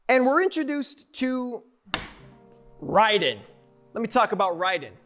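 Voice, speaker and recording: A man's voice: high voice, fairly bright tone. A man casually recapping video game lore, rambling and joking as he corrects himself along the way. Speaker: YouTuber.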